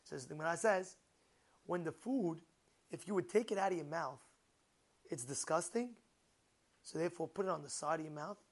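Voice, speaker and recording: Man, rabbi, lively Torah lesson, questions to listeners, chatty fillers. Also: a little high, fairly quick, long pauses. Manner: animated, asks the room questions, many fillers.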